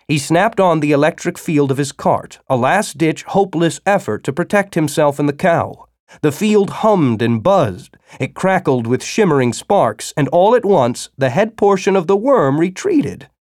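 A man narrating a science-fiction story as an audiobook, with expressive storytelling. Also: on the high side, no room sound, clean studio sound.

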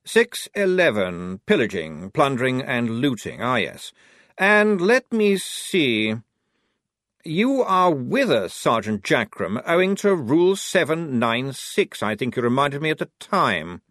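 A man voicing a fussy, prim young army officer who talks in a brisk, precise, self-satisfied way. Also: mid-range voice, very animated, a bit bright, no room sound, studio quality, voice pushed up. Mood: crisp. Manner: brisk, precise, pleased with himself.

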